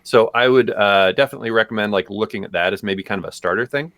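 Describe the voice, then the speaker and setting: Lowish voiced guy rambling on a live stream, lots of ums, dry close sound. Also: fast, a bit bright, dry recording. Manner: loose, rambling, lots of fillers. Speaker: co-host answering viewer questions. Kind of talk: casual live-stream chat.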